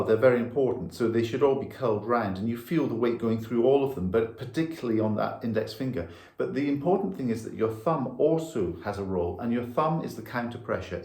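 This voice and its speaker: Demonstrating as he goes, a violin teacher patiently walks through bow technique step by step in an instructional lesson. His voice is mid-range with a darkish tone, recorded in an echoey room alongside the violin.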